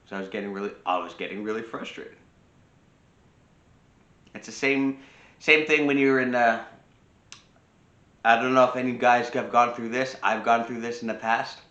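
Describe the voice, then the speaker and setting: Bright-voiced man lecturing in an echoey room. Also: medium pitch. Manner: earnest, repetitive, lecturing with frequent restarts. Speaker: self-improvement video host. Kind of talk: casual advice monologue to camera.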